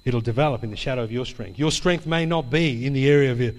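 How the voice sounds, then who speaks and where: A man's voice: medium pitch, quick pace. Man preaching in a reverberant hall. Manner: chatty storytelling with tag questions. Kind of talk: sermon with a personal story.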